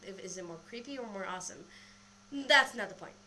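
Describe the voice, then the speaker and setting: A woman's voice: medium pitch, brisk. A young woman vlogging casually on her webcam, a little out of breath, rambling and swearing freely as she tells a story. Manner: rambling, animated, swears a lot. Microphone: built-in webcam mic.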